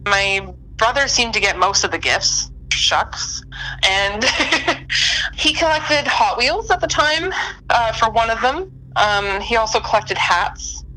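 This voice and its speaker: A woman's voice: fairly high pitch, animated, a little slow, pushed and bright, rough recording. A woman casually telling a personal story in an easygoing, amused way. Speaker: storyteller guest.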